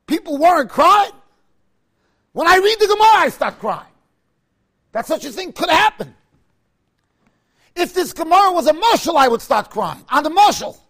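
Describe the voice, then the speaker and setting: A man's voice: very high voice, big pitch swings, moderate pace, long pauses, a bit bright. A man teaching a Talmud lecture, asking rhetorical questions and pressing points with sudden emphasis, weaving Hebrew and Aramaic terms into his English.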